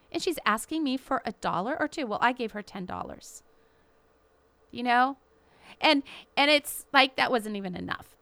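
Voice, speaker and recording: A woman hosting a show, delivering an impassioned, indignant commentary with emphatic, drawn-out stresses. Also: on the high side, a bit bright, no echo. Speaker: radio show host.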